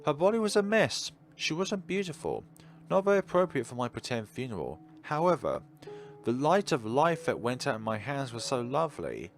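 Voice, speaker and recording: A man voicing a lonely, dreamy young girl with a dark streak, reading the game text in a wistful sing-song way. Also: medium pitch, sing-song, moderate pace, soft background music, pitched above the performer's own voice.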